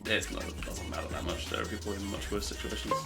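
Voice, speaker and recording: A man's voice: fairly low pitch, fast talker, vocal fry. A man chatting casually on a live stream while speedrunning a game, rambling, mocking himself and swearing now and then. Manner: rambling and self-mocking, swearing and reacting to chat. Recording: gameplay audio with loud music behind.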